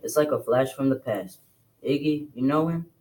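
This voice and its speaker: A man reading a novel aloud and voicing a scrawny, suspicious, rough-talking woman. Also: medium pitch, moderate pace, darkish tone, close to an everyday voice, low-quality recording. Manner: talks out of the side of her mouth.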